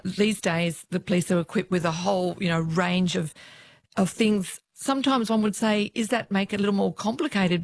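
Australian woman telling police stories. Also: on the low side. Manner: lively anecdotes, quoting others' voices. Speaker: former police officer, guest. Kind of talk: interview storytelling.

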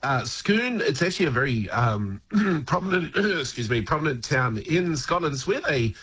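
A man's voice: a little high, sing-song, moderate pace, fairly bright tone, slight background noise. A man talking casually as a language expert guest on a radio show, chatty and laughing. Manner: chatty, laughing, frequent restarts.

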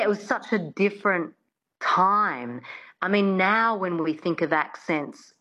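A woman accent coach, a guest on a radio show, explains things in a measured way with occasional ums. Her voice sits a little low and comes through a dull, lo-fi line. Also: a bit bright. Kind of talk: radio interview.

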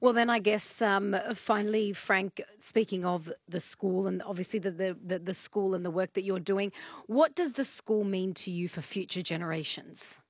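A woman's voice: medium pitch, moderate pace, no echo. A woman hosting a radio interview, asking friendly, curious questions into a studio microphone. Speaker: radio host.

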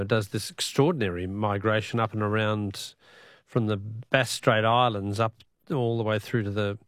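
A man with an Australian accent hosting a radio show in a relaxed, rambling way. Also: fairly low pitch, dry recording, studio quality. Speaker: radio host. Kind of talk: casual radio chat.

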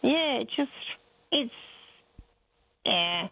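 A woman's voice: a little high, animated, drawn-out words, no room sound. An older woman calling in to a radio show, telling a rambling, chatty story. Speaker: caller. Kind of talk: phone-in chat. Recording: tinny phone line, dry.

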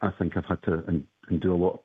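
A male caller on a radio show who talks about his work in a hesitant, measured way. His voice is very low and husky. It comes through a dry, phone-like line. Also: level tone, dry recording. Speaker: caller, a teacher. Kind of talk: casual radio call-in chat.

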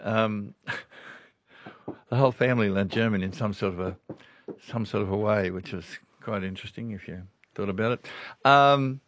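An older Australian man hosting a radio talkback show, chatting warmly and laughing often between folksy stories. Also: fairly low pitch, a little slow, long pauses. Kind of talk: casual talkback radio chat.

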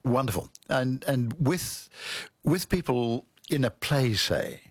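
A man interviewing, asking thoughtful questions with halting restarts. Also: medium pitch, animated, husky, no room sound.

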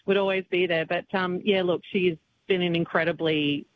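A woman's voice: on the low side, fairly even intonation, normal speed, narrow, tinny audio, a little hiss or hum. A woman country singer talking as an interview guest, grieving but chatty, with many restarts and fillers. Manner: tearful yet chatty, many restarts and fillers, laughs often. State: upset, grieving. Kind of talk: emotional casual chat.

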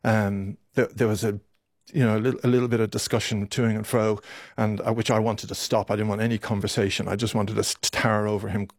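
Halting, gravelly man. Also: fairly low pitch, level tone, no room sound, clean studio sound. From Ireland. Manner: halting, repeats words, restarts often. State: emotional, voice catching. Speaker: doctor, interview guest. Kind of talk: emotional radio interview.

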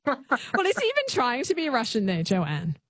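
A woman's voice: fairly high pitch, wildly swooping pitch, normal speed, dry recording, studio quality. A woman hosting a talkback radio show, chatting with a guest and taking callers. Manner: friendly, guiding callers. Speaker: radio host.

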